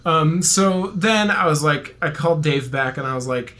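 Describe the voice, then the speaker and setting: Young man, podcast co-host, casual rambling storyteller, bright voice, a bit high. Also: expressive, moderate pace. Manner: rambling storyteller, jokey, laughs often. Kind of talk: casual chat.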